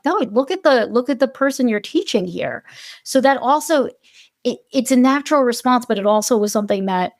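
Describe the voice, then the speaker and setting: Animated woman researcher on a podcast. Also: mid-range voice, no echo, clean studio sound. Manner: animated, acts out quoted voices, laughs often. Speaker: guest researcher. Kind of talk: conversational podcast interview.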